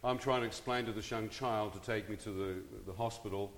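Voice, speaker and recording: A man's voice: fairly low pitch, fairly even intonation, fairly quick, a little hiss or hum. A middle-aged man dramatically telling his own story to an audience, often turning to them with questions and asides. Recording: long reverb of a large hall.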